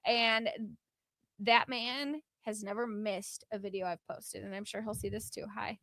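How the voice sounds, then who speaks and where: A podcast host tells a story in a relaxed, animated chat, packed with filler words and quotes she acts out. Her mid-range voice runs a little slow, and the recording is dry.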